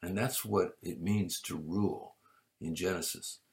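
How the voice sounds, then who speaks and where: Gravelly low-voiced man preaching. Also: steady tone. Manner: measured preaching with emphatic rises and soft drops. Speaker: pastor. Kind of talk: sermon.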